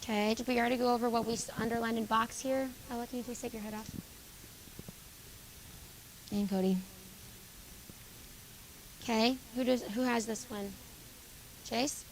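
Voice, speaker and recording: Woman, teacher, classroom grammar lesson, calls on students, fairly high, gravelly. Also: steady tone, slight background noise, poor audio. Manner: brisk, calls on students by name and confirms answers. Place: school classroom.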